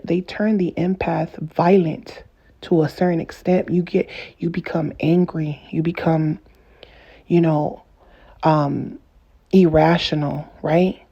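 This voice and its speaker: A woman's voice: low-pitched, dark tone, lo-fi sound. A woman vlogger in an earnest, casual monologue who repeats and rephrases herself for emphasis. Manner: earnest, repetitive, builds emphasis through rephrasing. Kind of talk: casual personal monologue to camera.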